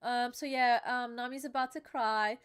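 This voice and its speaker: A young woman with a high, bright voice hosts a casual live reaction chat. She is excitable and emotional, drops slang and plenty of fillers, and rambles as her thoughts come. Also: normal speed, smooth. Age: young adult. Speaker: channel host reacting to a manga chapter.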